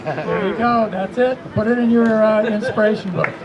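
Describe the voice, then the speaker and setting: A man's voice: high-pitched, normal speed, lo-fi sound. A man sharing wry, teasing trivia with a gathered crowd at a memorial. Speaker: speaker at a memorial. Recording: noisy background.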